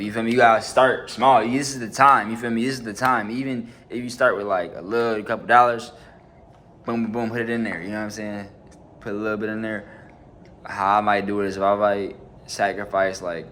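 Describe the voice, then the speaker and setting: A man's voice: lowish voice, fairly quick, a bit bright, a little hiss or hum. A man talking casually to his channel from home, in loose slang and with constant "you know what I'm saying" fillers. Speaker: channel host. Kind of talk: casual motivational vlog talk.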